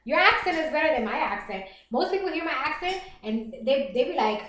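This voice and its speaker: A middle-aged woman with a Puerto Rican Bronx accent, chatting fast and reassuringly as a livestream host reading viewer comments. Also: sits high, animated, fairly bright tone, roomy sound. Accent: Puerto Rican Bronx New York. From the Bronx, New York.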